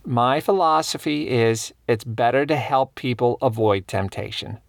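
A man voicing a kindly older woman shop assistant who speaks gently but firmly and calls people dearie. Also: medium pitch, measured pace, vocal fry, dry recording, studio quality.

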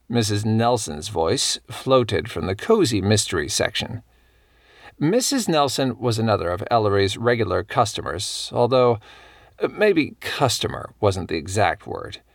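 A man reading a cozy mystery novel aloud as a measured, even audiobook narrator. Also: on the low side, gravelly, no room sound, clean studio sound.

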